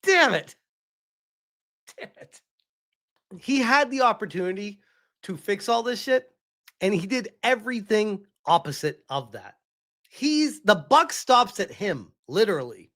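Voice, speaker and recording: A man's voice: sits high, sing-song, unhurried, fairly bright tone. A man ranting as a gaming streamer on a live stream, heated, exasperated and swearing freely.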